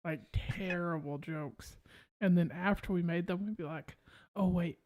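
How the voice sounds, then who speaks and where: A man's voice: high voice, a little slow, a little mellow. A man co-hosting a podcast, explaining things matter-of-factly in casual chat. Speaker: podcast co-host.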